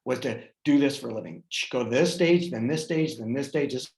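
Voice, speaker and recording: A man in his forties, a guest speaker, telling a personal story in an animated way with many fillers and restarts. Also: medium pitch, brisk, creaky, roomy sound, rough recording. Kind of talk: personal storytelling in a group talk.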